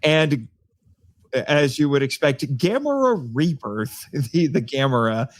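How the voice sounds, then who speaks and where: A man chatting as a podcast guest, animated and quick to laugh, often stumbling and restarting his words. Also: medium pitch. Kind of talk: casual chat.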